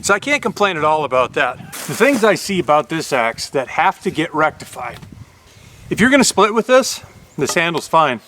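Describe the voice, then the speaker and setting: A man's voice: on the high side, sing-song, normal speed, pushed and bright, slight background noise. A man casually talking through a new axe on his vlog, plain-spoken and chatty with a folksy manner. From Upper Michigan. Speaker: YouTube host reviewing an axe.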